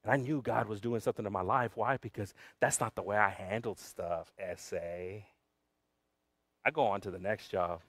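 With a fairly low voice at a normal pace, a pastor recounts a personal story in his sermon, going from booming shouts to hushed near-whispers. At times he slips into Spanish for the congregation, and there's no echo on the recording.

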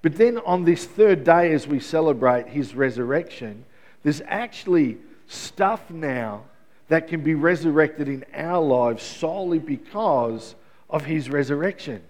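A man's voice: on the high side, expressive, measured pace, darkish tone. A middle-aged man preaching an Easter sermon in a conversational way, asking the congregation questions. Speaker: pastor.

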